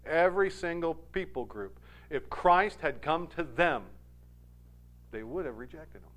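A Scottish man preaching with emphatic, storytelling delivery. His voice sits high and swoops lively from line to line. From Scotland. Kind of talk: sermon.

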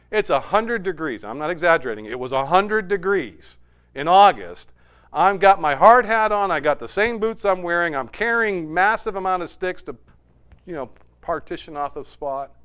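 A man's voice: a little high, fairly bright tone, smooth. A middle-aged man, a pastor, preaching a sermon in a storytelling way with emphatic repetition.

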